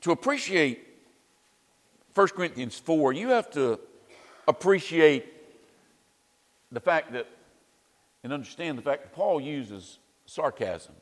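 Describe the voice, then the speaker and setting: A man delivers a sermon at a slow, deliberate pace, his voice swinging widely in pitch. He keeps it conversational, with wry asides and plenty of "you know"s. The sound carries a long reverb, like a large hall. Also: sing-song. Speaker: preacher.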